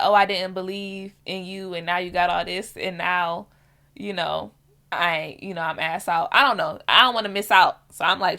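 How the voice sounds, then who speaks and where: Candid woman vlogger with gravelly voice. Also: lowish voice. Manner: candid, animated storytelling in casual slang. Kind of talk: personal storytelling vlog.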